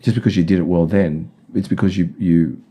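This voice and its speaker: A man's voice: sits low, steady tone, a little fast, heavy background noise. A man as a podcast guest, telling rambling stories and giving direct advice in a casual chat. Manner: acts out voices in anecdotes.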